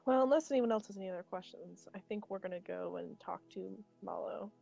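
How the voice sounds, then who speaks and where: A woman's voice: medium pitch, fast, creaky, warm tone, faint music behind. A woman playing a tabletop game, chatting casually and playfully. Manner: laughs often, playful. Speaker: player.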